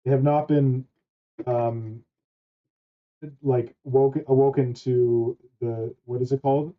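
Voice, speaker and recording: A man's voice: medium pitch, steady tone, takes it slowly. A man hosting a casual online chat, rambling and swearing casually. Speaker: host. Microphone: wrong mic. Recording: dull lo-fi mic.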